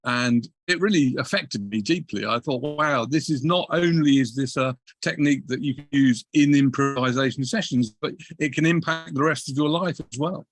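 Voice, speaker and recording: A man joining a writers' meetup on a video call, speaking earnestly and haltingly. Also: medium pitch, no room sound. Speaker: meetup participant. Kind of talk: casual conversation.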